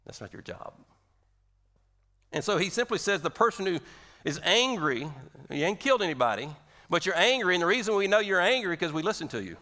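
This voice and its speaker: A male pastor giving a sermon in a conversational, animated way, asking the audience rhetorical questions. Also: high-pitched, quick pace.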